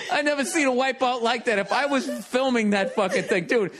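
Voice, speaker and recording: A man with a notably high speaking voice tells a story on a podcast. He laughs through it, swears freely, and acts things out with sound effects. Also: fast, few pauses, a bit bright. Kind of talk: animated storytelling.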